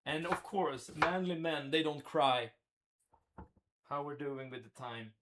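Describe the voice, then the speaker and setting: A man's voice: fairly high pitch, unhurried, background noise. A man cooking live in his kitchen, thinking aloud and chatting with his viewers. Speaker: cooking livestreamer. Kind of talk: casual live commentary while cooking. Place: home kitchen.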